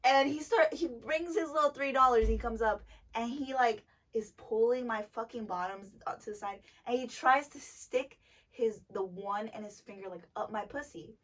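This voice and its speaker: A young woman co-hosting a casual chat, telling stories animatedly with lots of swearing and loud bursts. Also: on the high side, moderate pace, distant mic. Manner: animated, profane, loud bursts when retelling anger. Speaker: podcast co-host, dancer.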